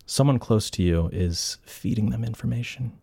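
A man's voice: on the low side, moderate pace, creaky, dark tone, breathy edge, dry recording, studio quality, full character voice. A man voicing a grave male spy teammate, giving solemn warnings in a dramatic read. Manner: solemn, dramatic line reading.

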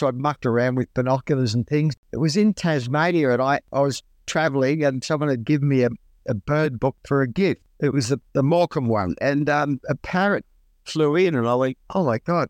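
A man's voice: medium pitch, normal speed, no room sound. A middle-aged Australian man recalls his experiences in a chatty, colloquial manner, now and then acting out what he said back then. His voice sits in an ordinary middle range. It is recorded dry, with almost no room sound. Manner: chatty, relaxed, colloquial, acts out his own exclamations. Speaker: guest. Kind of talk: casual storytelling.

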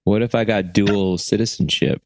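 A man's voice: on the low side, steady tone, normal speed, rough recording. A man co-hosting a comedy podcast, riffing with silly jokes in casual chat. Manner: joking, riffs with silly bits. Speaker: podcast co-host.

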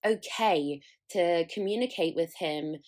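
A woman's voice: on the low side, measured pace, darkish tone. A young adult woman hosting a solo podcast, talking candidly and chattily, swearing freely and laughing at herself. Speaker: podcast host.

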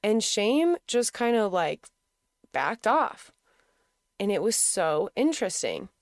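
A woman's voice: mid-range voice, very animated, slow, no echo. A young adult woman telling a personal story in a frank, casual way, swearing freely and laughing often.

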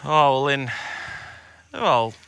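An Australian man co-hosting a fishing podcast from a boat, easygoing, quick to laugh and cheer each catch. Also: mid-range voice, sing-song, gravelly, sharp tone, smooth. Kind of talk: casual banter while fishing. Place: outdoors on a boat on a river.

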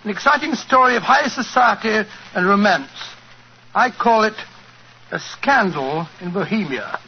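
A man's voice: high voice, expressive, measured pace, breathy edge, heavily acted. An actor playing a genial, earnest male doctor and storyteller in a 1940s radio show. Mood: affable. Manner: affable, earnest. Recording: dull old radio broadcast with faint hiss.

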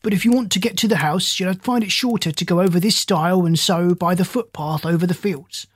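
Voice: mid-range voice, fairly quick, husky, natural voice. An audiobook reader voicing a plain-spoken, deferential country cart driver. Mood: helpful. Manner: homely and deferential. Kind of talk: audiobook reading.

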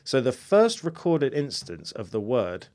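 A man's voice: medium pitch, very animated, measured pace, darkish tone. Guy podcasting about folklore, bouncy voice, keeps chuckling. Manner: chuckles often, jokey asides. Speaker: podcast host. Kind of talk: casual chat reading folklore notes.

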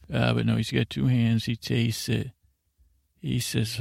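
A man's voice: medium pitch, little pitch movement, moderate pace, vocal fry, a little mellow, dry recording, studio quality. A man hosting a bedtime podcast, recapping a show in a meandering, drowsy way with lots of filler words. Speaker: podcast host. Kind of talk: rambling bedtime episode recap.

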